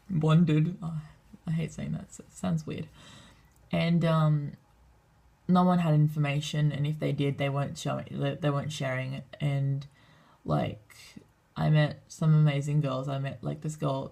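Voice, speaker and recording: A teenage girl telling a story in a casual vlog, excitable and rambling, swearing often and filling her talk with "like". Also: sits low, vocal fry. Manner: excitable, swears a lot, fast rambling with many fillers. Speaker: vlogger.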